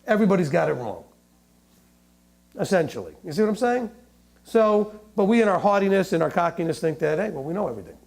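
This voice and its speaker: A man with a high, very lively voice gives a teaching sermon, working through scripture verse by verse. He talks like he is chatting with his listeners, slips in jokes and keeps asking "right?" and "okay?". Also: fast, gravelly. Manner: joking asides, laughing at his own humor. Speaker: Bible teacher.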